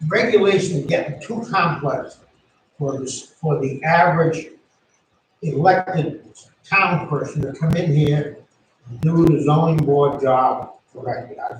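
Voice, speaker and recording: Plainspoken male board member with a slightly high voice, recorded from across a reverberant room. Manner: plainspoken, reads questions aloud then gives opinions. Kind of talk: casual meeting discussion. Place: town meeting room. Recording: very echoey room, distant mic, faint noise.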